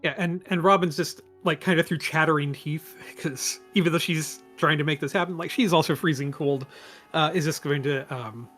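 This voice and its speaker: A man's voice: fairly high pitch, moderate pace, a bit bright, soft background music. A man playing in an online tabletop game, describing what his character does with many hesitations. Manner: hesitant, with many fillers and restarts. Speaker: player.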